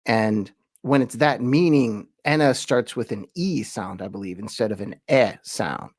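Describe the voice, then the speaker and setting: A man hosting a conversational lesson, explaining in a relaxed, chatty way and reading quoted verses slowly with emphasis. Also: fairly low pitch, no echo, studio quality. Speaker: host and teacher.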